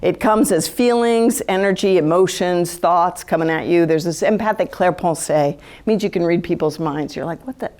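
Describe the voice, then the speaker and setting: A woman gives a live talk in a chatty, animated manner, with a somewhat low-pitched voice. She is casual with the audience and often acts out quoted inner thoughts. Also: normal speed, few pauses. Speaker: speaker giving a talk on empathy.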